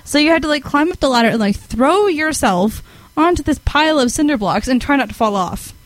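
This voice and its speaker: A teenage girl casually telling a long dream story, giggling and rambling, with high, lively quoted voices. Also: a little fast, dry recording, rough recording.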